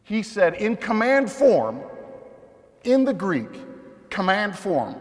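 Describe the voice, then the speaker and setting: A man's voice: high voice, very animated, slow, pauses often, big-room sound. A young man preaching a sermon in a conversational way, often asking the listeners questions.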